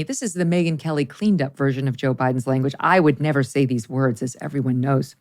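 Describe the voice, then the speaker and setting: A woman hosts a political talk show with a notably low voice. She talks briskly and with a dry, sardonic edge as she sets up topics for her guests. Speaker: host.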